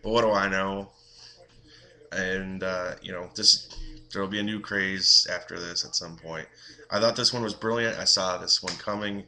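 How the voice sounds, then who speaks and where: A man's voice: deep voice, steady tone, moderate pace, bright, forceful tone, a little hiss or hum. A young adult man ranting on his video blog, exasperated and profane, mocking others in quoted voices. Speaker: vlogger.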